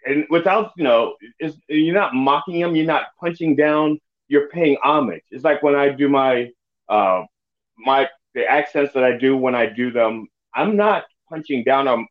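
A man's voice: medium pitch, measured pace, lo-fi sound. A man chatting casually on a podcast, telling stories with lots of laughter. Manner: animated storyteller, laughs often. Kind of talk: casual chat.

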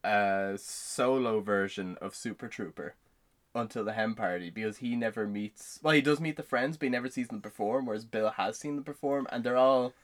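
A man's voice: on the low side, moderate pace. A young man chatting casually as a podcast co-host, rambling with many fillers. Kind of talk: casual chat.

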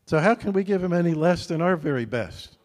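This is a pastor, male, whose voice leans high as he preaches in a large hall. His manner is laid-back and conversational, punctuated often by a short "right?" aimed at the crowd.

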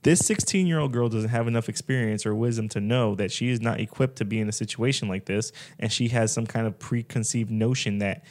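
A man's voice: on the low side, brisk, few pauses, a little mellow. A man in casual conversation who gives earnest advice and makes his points with rhetorical questions. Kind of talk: casual chat.

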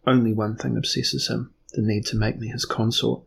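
A man voicing a frightened young woman who speaks in quiet despair, in an audiobook reading. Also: medium pitch, little pitch movement, moderate pace, creaky, a little hiss or hum, lightly acted. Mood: fearful.

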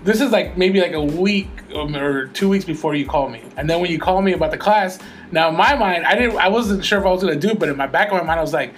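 A man's voice: high-pitched, fast, soft background music. A man in his forties chatting casually, easygoing and agreeable as he recalls old times. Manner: easygoing, backs up the other speaker with short agreements. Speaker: podcast co-host. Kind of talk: casual chat.

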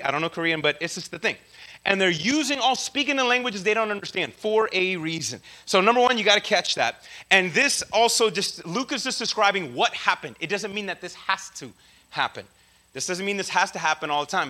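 Bright, high-voiced preacher man. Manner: conversational, slangy, lots of asides and check-ins. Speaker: preacher teaching a Bible study. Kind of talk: casual teaching sermon.

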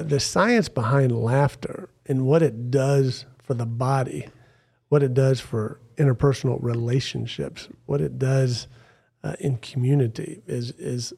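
A man's voice: medium pitch, a little slow, vocal fry, darkish tone, husky. A man as a podcast guest, upbeat and jokey, speaking in a studio. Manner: upbeat, jokey, quotes other people. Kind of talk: casual podcast chat. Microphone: studio headphones and mic.

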